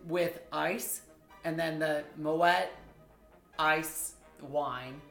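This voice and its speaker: A man's voice: a little high, steady tone, very slow, gravelly, fairly bright tone, soft background music. A man co-hosting a podcast in chatty, emphatic casual conversation, with the occasional curse. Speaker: podcast co-host. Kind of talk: casual chat. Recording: roomy echo.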